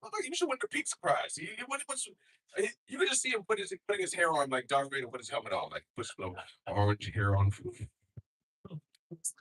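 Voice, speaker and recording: A middle-aged man working through a loose stand-up comedy set, profane and rambling. His voice swings widely in pitch and carries a bright, edgy tone with a husky grain. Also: expressive, normal speed, rough recording. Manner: profane, rambling, loud bursts when acting out others.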